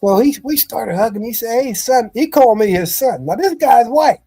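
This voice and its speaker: A man's voice: very high-pitched, lively intonation, moderate pace, warm tone, husky, faint music behind. A middle-aged man, a former football coach, telling rambling family anecdotes in casual podcast chat, often saying "you know".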